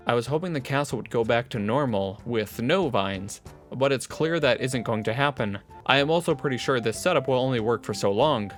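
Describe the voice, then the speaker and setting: A man's voice: mid-range voice, a little fast, hardly any pauses, soft background music. A man voicing a story game playthrough, reading narration and characters with joking asides. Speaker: game streamer reading a visual novel aloud. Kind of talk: casual voiced playthrough.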